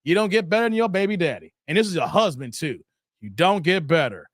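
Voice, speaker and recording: A man's voice: high-pitched, expressive, quick pace, dry recording, clean studio sound. A man hosting a live stream, reacting to videos and reading chat comments aloud, laughing often and riffing animatedly.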